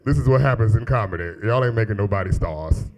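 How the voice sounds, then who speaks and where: A man in his thirties with a deep voice, doing a profane, animated stand-up comedy set on a club stage into a handheld mic. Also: quick pace, rough recording. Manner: profane, animated storytelling with exaggerated quoted voices.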